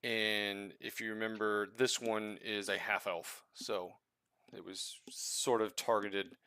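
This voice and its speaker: A tired man narrates a tabletop game as game master, searching for words with many fillers. His voice is bright and clean on a dry close mic. He talks slowly. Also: on the low side, level tone, clean tone, no room sound. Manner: hesitant, many fillers, self-deprecating. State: tired late at night.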